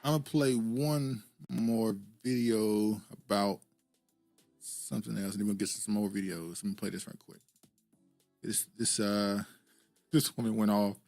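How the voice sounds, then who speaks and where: Laid-back chuckling podcast host. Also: male voice, on the low side, steady tone, a little slow, gravelly, a little mellow, no echo, soft background music. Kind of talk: casual reaction chat.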